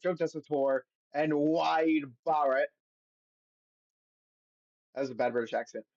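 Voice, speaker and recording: A man's voice: a little high, dry recording, highs cut off. A man hosting a podcast on his own, reading results aloud and then giving blunt, profane opinions in a casual recap. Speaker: podcast host.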